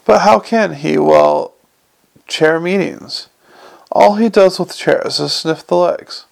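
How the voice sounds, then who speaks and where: A man voicing a quick, flustered young con man with raised, exasperated replies. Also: on the high side, vocal fry, heavily acted.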